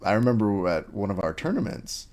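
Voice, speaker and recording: Man, podcast host, casual chat, lively storyteller, slightly low voice. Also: fairly quick. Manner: animated storyteller who acts out quoted lines.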